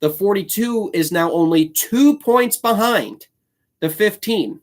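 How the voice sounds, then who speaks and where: A man's voice: sits high, animated, slow pace. A man hosting his own solo video show, talking casually and slipping into a heated, apologetic rant. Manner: ranting, apologetic, fired up; frequent fillers and restarts. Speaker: YouTube host.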